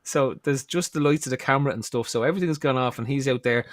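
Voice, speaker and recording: Male podcast co-host, quick and lively delivery, dry close mic. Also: mid-range voice, no room sound. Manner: animated storyteller, acts out quotes. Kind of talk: casual chat.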